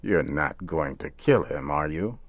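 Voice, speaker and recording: A man voicing a quiet, lonely old fisherman in a radio story, calm and plain-spoken. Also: very deep voice, unhurried, no echo, dull audio, exaggerated voice. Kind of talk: scripted radio story reading.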